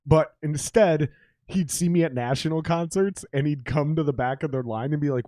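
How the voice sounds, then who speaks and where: A man's voice: fairly high pitch, moderate pace, dark tone, no echo. A man hosting a podcast, telling profane bar stories in casual chat and laughing often. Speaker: podcast host.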